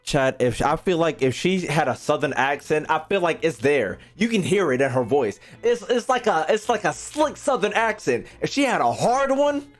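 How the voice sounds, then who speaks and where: A man streaming a video game, reacting in loud, profane, casual commentary. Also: a little high, big pitch swings, normal speed, hardly any pauses. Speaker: gaming streamer. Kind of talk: casual let's-play commentary.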